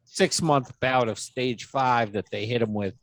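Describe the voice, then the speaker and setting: A man co-hosting a casual podcast, swearing freely and jumping high for quoted voices. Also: a little slow, no echo. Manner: animated, swearing, jumps pitch for quoted voices. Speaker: podcast co-host.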